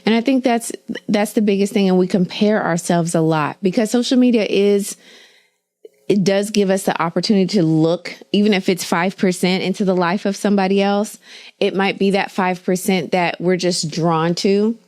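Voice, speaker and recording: A woman co-hosting a casual business chat, telling stories in an animated way. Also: medium pitch, normal speed. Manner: animated storyteller. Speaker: co-host.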